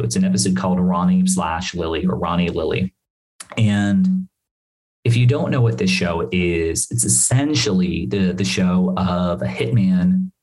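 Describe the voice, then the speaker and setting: A man casually recapping a TV episode on his podcast, rambling and animated, with asides and swearing. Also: low-pitched, low-quality recording.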